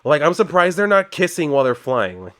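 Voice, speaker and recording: A man's voice: on the high side, big pitch swings, fairly quick, fairly bright tone. A man casually recapping a comic book, chatty and sarcastic, swearing now and then.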